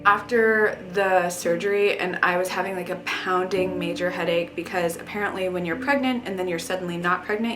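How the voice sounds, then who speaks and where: A young adult woman giving a heartfelt life update, earnest and emotional, with lots of "like" fillers. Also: lowish voice. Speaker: vlogger. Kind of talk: casual personal life update. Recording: echoey room with faint music.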